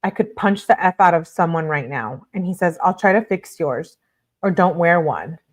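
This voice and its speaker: A woman hosting a true-crime video, reading text messages aloud in a brisk way and breaking off for blunt asides of her own. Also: on the low side, lively intonation.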